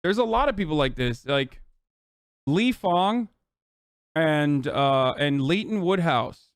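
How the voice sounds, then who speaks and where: A man's voice: a little high, lively intonation, slow pace, clean tone, dry recording, studio quality. Heated, profane man ranting on stream. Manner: heated, profane, exasperated rant. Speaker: livestreamer. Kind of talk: ranting political commentary on stream.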